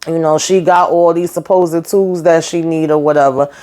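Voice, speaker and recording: A woman's voice: low-pitched, steady tone, moderate pace, mellow. A woman casually recapping a TV episode, chatty and sassy, calling her viewers girl and honey. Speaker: show reviewer recapping an episode.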